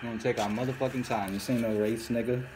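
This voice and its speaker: A man's voice: mid-range voice, steady tone, fast talker, slight background noise. Swaggering young man with a South Florida accent. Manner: loud, swaggering, profane banter. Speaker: vlogger. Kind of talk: casual mukbang vlog. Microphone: phone camera.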